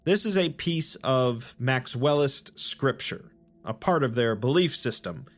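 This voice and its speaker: A man giving calm, deliberate scripted narration, explaining lore. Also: mid-range voice, soft background music.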